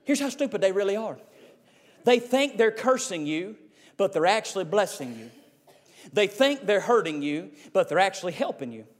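A man preaching a fiery sermon, rising to shouts and dropping to a low hush. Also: big pitch swings, moderate pace, in a large hall.

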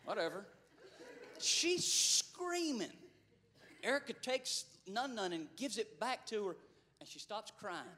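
A man preaching a sermon, telling a story and building to shouted preaching. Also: high-pitched, big pitch swings, slow pace.

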